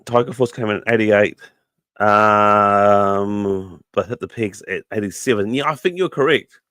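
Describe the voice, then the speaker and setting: A man's voice: lowish voice, unhurried, fairly bright tone, smooth, dry recording. A man with a New Zealand accent talks casually to his livestream audience, drifting between thoughts with plenty of ums. His throat is sore and keeps catching. The sound is dry and close. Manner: rambling, full of ums, chummy with viewers. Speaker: podcast host.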